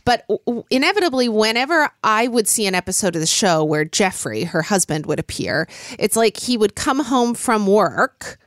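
A woman's voice: medium pitch, no echo, studio quality. An American woman co-hosting a casual chat show, telling a story with lots of laughter and reading passages aloud. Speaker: podcast co-host.

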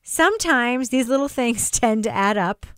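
A podcast host with a somewhat high, slightly bright voice speaks at normal speed in an animated, clean tone. Running a panel, she wryly reads a scripted news item, then riffs casually with her guests. The audio is studio quality with no echo.

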